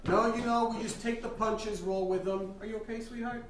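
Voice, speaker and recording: Improv: man doing a gruff Amish dad, deadpan and blunt, high-ish voice, echoey live room. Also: fairly quick, slight background noise, natural voice. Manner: dry, blunt, deadpan put-downs. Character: gruff stern Amish father, middle-aged man. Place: live stage venue with audience. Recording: echoey room from far off, crowd.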